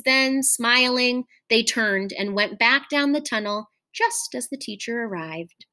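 A woman teacher reading a short story aloud in a measured, expressive storytelling manner. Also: high-pitched.

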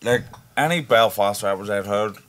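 A man's voice: lowish voice, normal speed. A man hosting a podcast, telling stories in a casual chat and acting out the voices of the people in them. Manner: animated storyteller who acts out quoted voices, swears freely. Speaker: podcast host.

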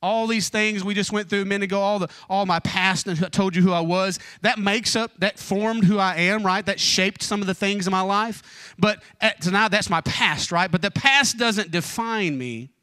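A man in his forties preaching an evening church sermon, telling personal stories informally with joking asides, and dropping low and fervent in prayer. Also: normal speed, hardly any pauses, sharp tone, clean tone, dry recording, clean studio sound. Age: 40s.

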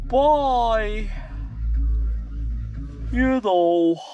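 A man's voice: high-pitched, animated, drawn-out words, warm tone, lo-fi sound, faint music behind. A tired man streaming himself as he works on his car, chatting casually and swearing a lot as he rambles through what he is doing. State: tired, yawning. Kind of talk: casual livestream chat while doing car repairs.

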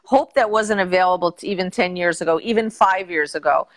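A woman's voice: on the low side, brisk. A woman guest and patient advocate talking candidly and earnestly, often trailing off and restarting. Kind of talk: casual interview chat.

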